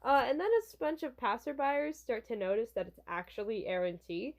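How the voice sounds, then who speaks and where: A woman's voice: fairly high pitch, lively intonation, normal speed. A young woman casually reviewing a manga from her college dorm room, chatty and rambling. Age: young adult. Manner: chatty and rambling, with restarts and fillers.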